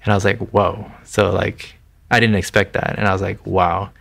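Earnest low creaky-voiced man. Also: little pitch movement, quick pace, fairly bright tone. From Thai family background. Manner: earnest, many restarts and "you know", "right?". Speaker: interview guest sharing his faith testimony. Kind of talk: casual conversational testimony.

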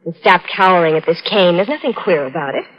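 A woman's voice: fairly low pitch, animated, fast talker. A woman playing a young fiancée who turns into a cold, calculating blackmailer, in 1940s radio drama style, sweetly coaxing then icy. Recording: dull old radio broadcast.

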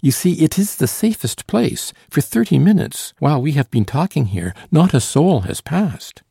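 An earnest, devoted young French woman, as a male audiobook reader puts her on. She pleads with lively, rising inflections over a slightly husky, darker tone, close and dry to the mic. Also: fairly high pitch, moderate pace, no room sound, voice pushed up, exaggerated voice. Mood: urgent. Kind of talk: audiobook character reading.

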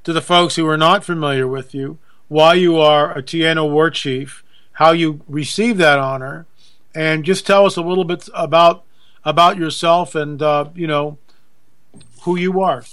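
A man's voice: fairly high pitch, fairly even intonation, unhurried, a bit bright, smooth. Folksy, chatty male radio host. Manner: chatty, self-deprecating, folksy. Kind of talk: casual radio talk.

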